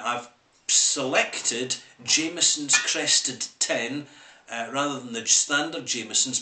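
Bright-voiced Scottish whisky reviewer. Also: male voice, medium pitch. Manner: chatty, rambling with asides. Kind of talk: casual video review. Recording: echoey room.

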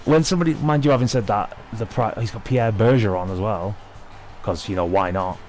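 A young man giving excitable, sweary live commentary over his own hockey video game match. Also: lowish voice, moderate pace, soft background music. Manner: sweary, excitable, talking at the screen. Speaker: gaming video host.

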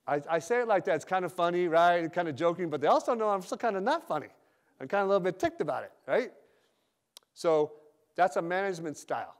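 A man's voice: sits high, expressive, fast. A man speaking as a sales manager at a company retreat, giving a direct, joking, casual motivational talk.

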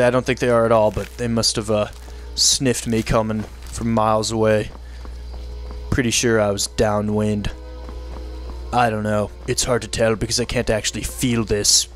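A man giving joking let's-play commentary, partly in character, often laughing and yelling at enemies. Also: mid-range voice. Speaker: gaming video creator.

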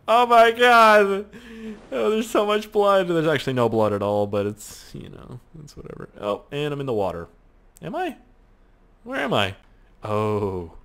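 A young man giving casual gameplay commentary, excitable and mock-despairing, swearing at the crashes as he plays. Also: mid-range voice, a little hiss or hum. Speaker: gaming YouTuber.

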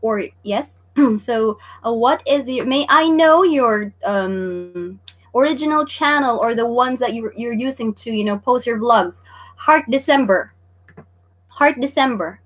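Woman, livestream teacher, high and bright, chatty, giggly, greets chat. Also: animated, a little slow. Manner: bubbly, laughs often, greets chat viewers by name. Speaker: online Japanese teacher. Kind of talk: livestream lesson, chatty quiz hosting.

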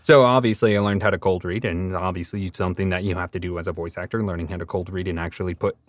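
A man with a somewhat low voice tells stories from his voice acting work in a relaxed podcast interview. He slips into the other people's lines as he goes. The sound is dry and close. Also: quick pace, no room sound. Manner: storytelling, acts out conversations. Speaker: voice actor guest.

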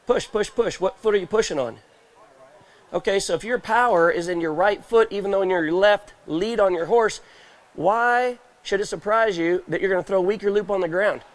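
A high-pitched man with a drawl teaches roping on a trade show stage. His talk is folksy, and he keeps firing questions at the crowd and acting out little scenes. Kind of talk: live demonstration talk to a crowd. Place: indoor trade show stage, live audience.

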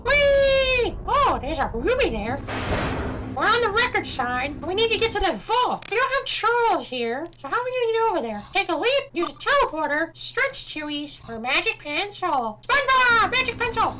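A woman doing casual let's play commentary, excitable and quick to swear, reacting loudly to the game. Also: very high-pitched, background noise. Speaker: gameplay commentator. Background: game music.

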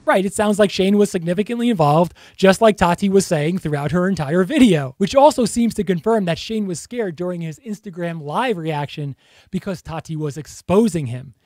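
A man's voice: sits high, expressive, normal speed, darkish tone, no echo, clean studio sound. A man narrating analytical commentary over video clips, with a pointed, accusing tone. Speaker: body language commentator.

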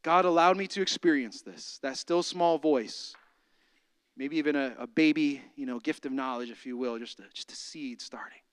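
A man preaching a sermon, telling a personal story in a conversational way with many fillers and restarts, then building to forceful preaching. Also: mid-range voice, moderate pace, smooth, no room sound.

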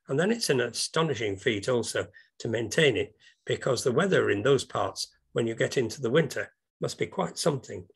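A man's voice: medium pitch, gravelly, fairly bright tone, breathy edge. A British man giving an informal slide talk over a video call, rambling and hesitant with many ums, breaking into enthusiastic asides. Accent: British English.

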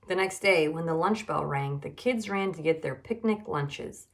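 A woman nutrition educator reading a children's storybook aloud, expressive and emphatic. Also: on the low side, fairly quick, few pauses.

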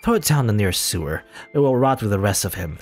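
Cold, scornful young woman, as a male player reads her lines, low and lively, over soft game music. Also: quick pace. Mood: bitter. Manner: cold, contemptuous. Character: bitter young woman rejecting her father.

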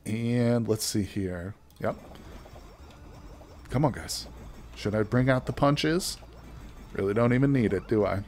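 A man's voice: lowish voice, a little slow, pauses often, darkish tone. A man giving casual, chatty gameplay commentary as a let's play host, joking with his viewers as he plays.

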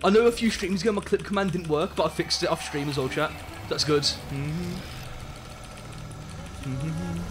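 A young English man live-streaming a video game, excitable and loud, swearing and chatting to his viewers. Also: a little high, normal speed, long pauses, noisy background. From England. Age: young adult. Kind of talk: live gaming commentary. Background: game music.

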